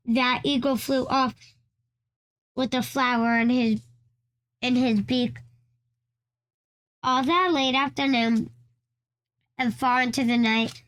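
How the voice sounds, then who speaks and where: A woman's voice: a little high, a bit bright. A woman reading a children's storybook aloud, often stumbling and restarting lines. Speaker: storybook reader.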